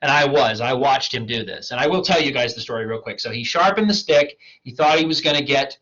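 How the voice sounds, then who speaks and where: A man teaching a recorded online writing lecture, casual with students and tagging "right?" onto his points, his voice going hoarse. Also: mid-range voice, lively intonation, fairly quick, a bit bright, lo-fi sound. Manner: casual, addresses students as "you guys", fillers "um", "right?". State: losing his voice. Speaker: college writing instructor.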